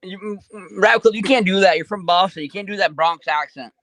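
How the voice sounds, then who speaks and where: A man's voice: high-pitched, fairly quick, bright, forceful tone, a little hiss or hum. A man joining a live stream chat, playful and repeating his phrases. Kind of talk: casual banter on a live stream.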